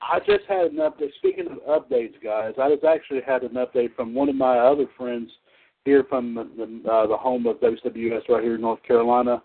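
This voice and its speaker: A chatty male host with a mid-pitched voice, running a relaxed chat show and repeating himself as he laughs along. The audio is narrow and tinny, like a phone line. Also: fairly quick, gravelly. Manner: chatty, repetitive, laughs easily. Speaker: podcast host. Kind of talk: casual chat show hosting.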